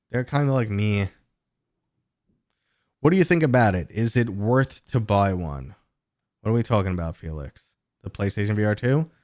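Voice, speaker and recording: A man in his thirties hosts a casual livestream and answers viewer questions as they come in. His voice is low, and the recording is dry with no room echo. He rambles, with plenty of fillers and restarts. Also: darkish tone. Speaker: host.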